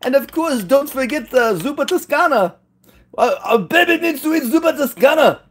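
A man voicing a fussy, doting Italian parent who is excited about feeding a new baby, in a mock Italian accent with lots of halting ums. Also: very high-pitched, voice pushed up.

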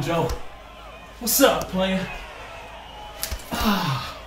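A man's voice: high-pitched, lively intonation, slow, long pauses, roomy sound, distant mic, crowd noise, background noise. A man trash-talking an opponent while playing a VR boxing game, teasing and out of breath. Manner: teasing, chatty, exclaims a lot. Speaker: gaming video creator.

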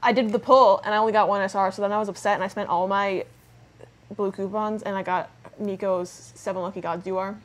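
A woman's voice: mid-range voice, fairly even intonation, brisk. A young woman hosting a let's-play, chatting casually, swearing freely and rambling off-topic. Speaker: host playing the game.

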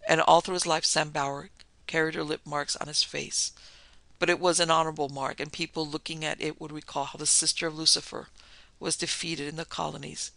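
A man narrating classic horror tales with a bright, crisp tone roughened by a gravelly edge. His pitch sits a little high and barely moves, and the recording is close and completely dry. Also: little pitch movement, a little fast, no echo, low-quality recording. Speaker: podcast narrator. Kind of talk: scripted horror story narration.

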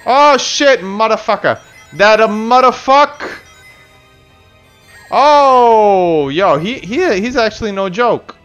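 A man's voice: high-pitched, expressive, slow pace, a bit bright, clear, resonant tone, faint music behind. A young man giving loose, profane, slangy commentary as the host of a gaming channel. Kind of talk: casual gameplay commentary.

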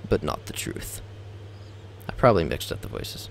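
A man's voice: extremely low pitch, very animated, moderate pace, creaky, pauses often, a little hiss or hum. A young man, host of a game video, giving a theatrical reading over gameplay, stumbling and tossing in joking asides. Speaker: let's play host.

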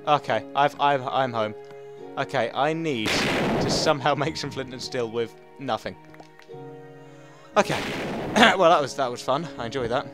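A man doing game commentary, excitable and chatty, who bursts into panicky yelps and repeats words over and over. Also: medium pitch, measured pace, music in the background. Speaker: let's play gamer.

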